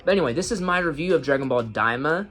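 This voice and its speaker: A man's voice: lively intonation, fast, a bit bright, faint music behind. Man casually rambling through an anime review. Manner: rambling, slangy, breaks into high laughs.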